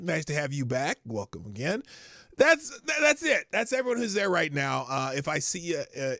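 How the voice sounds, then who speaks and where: Lively, bright-voiced man hosting a livestream. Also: fairly high pitch, no room sound, studio quality. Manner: rambling, laughs often, greets chat viewers by name. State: lingering cough. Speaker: livestream host. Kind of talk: casual livestream chat.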